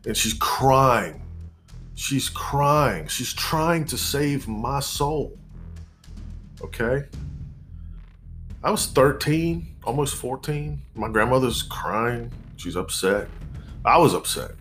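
A man in his forties telling a personal story in a measured, reflective way, pausing and restarting as he goes. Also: mid-range voice, lively intonation, fairly bright tone, soft background music.

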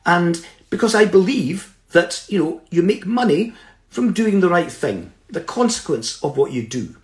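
High-voiced middle-aged man telling his story. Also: very animated, unhurried. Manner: earnest, reflective, with rhetorical check-ins. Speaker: speaker. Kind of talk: personal storytelling talk. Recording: roomy echo.

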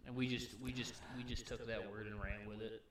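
A man's voice: fairly low pitch, steady tone, fairly quick. A man as a guest in a casual podcast chat, tipsy and hesitant, joking with the hosts.

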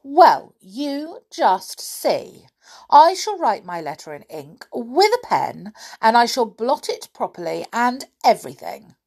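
A woman's voice: huge pitch swings, takes it slowly, a little mellow, breathy edge, heavily acted. A woman voicing a bold, naughty rag doll girl who squeals and wails. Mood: defiant. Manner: high squealing, sobbing wails.

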